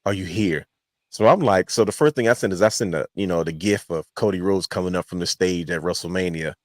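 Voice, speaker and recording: Male podcast co-host, lowish and dry, rambling storyteller. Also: a little fast, no room sound. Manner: long-winded storytelling, animated quotes. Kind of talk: casual chat.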